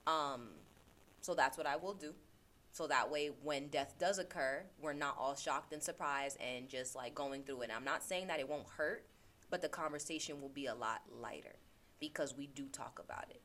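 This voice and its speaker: A woman's voice: deep voice, normal speed, a bit bright. A woman hosting a podcast, talking casually and earnestly about self-reflection, repeating phrases for emphasis. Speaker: podcast host; teacher. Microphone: laptop.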